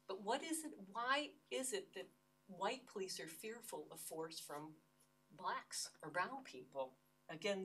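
This is a distant recording of an older American woman lecturing academically in a lecture hall. She is a university lecturer who sounds earnest and emphatic and keeps restarting her phrases, with a fairly low, fairly bright voice.

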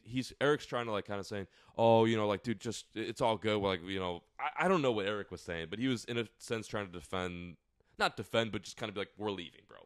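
A young man co-hosting a podcast tells a story in casual chat, swearing freely and doing the voices of the people involved. His low-ish voice is clear and resonant, recorded at studio quality with no room sound.

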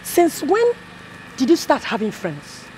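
A woman's voice: high-pitched, huge pitch swings, slow, a little mellow, a little hiss or hum, heavily acted. A woman playing a stern, sarcastic mother. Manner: scolding, sarcastic. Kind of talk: film drama acting.

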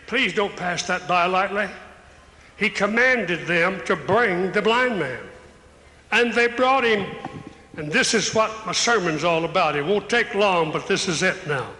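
A man's voice: high-pitched, pushed and bright. An older man preaching an impassioned sermon as an evangelist at a live church service, building to raised calls. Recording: echoey hall with long reverb.

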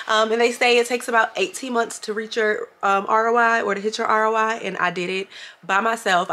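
A woman vlogging casually to her camera at home, gushing and excitable, with lots of ums and likes. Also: low-pitched. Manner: gushing and excitable, with many fillers. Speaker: small business owner and vlogger.

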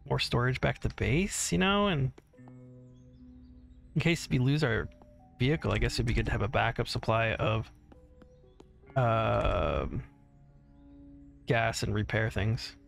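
A man's voice: medium pitch, gravelly. A man casually commentating his own gameplay, rambling, swearing freely and humming to himself as he plays, on a desk mic. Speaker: gaming channel host. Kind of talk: casual let's-play commentary. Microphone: desk mic separate from headset.

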